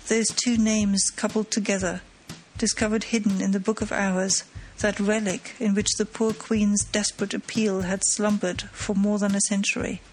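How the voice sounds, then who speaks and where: A woman narrating an audiobook of a classic mystery in a measured, dramatic storytelling manner. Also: medium pitch, poor audio. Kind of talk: scripted narration.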